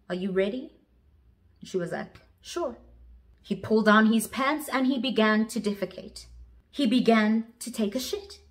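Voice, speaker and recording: Dramatic young woman storyteller. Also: medium pitch. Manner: dramatic, switching languages mid-sentence. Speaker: vlogger. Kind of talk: storytime vlog.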